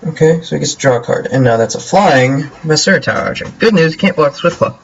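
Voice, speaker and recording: A young man casually commentating his own card game as he plays, joking and thinking out loud. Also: on the high side, animated, fast, dull audio, slight background noise. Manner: playful, jokey, talks to himself while playing. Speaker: gameplay commentator.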